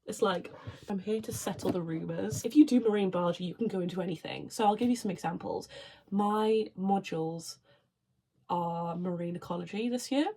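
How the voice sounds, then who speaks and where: A woman's voice: on the low side, warm tone. A young woman from Wales, a university student, chatting casually to camera in a bubbly, rambling way. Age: young adult. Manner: chatty, bubbly, with quick asides. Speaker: vlogger, marine biology student.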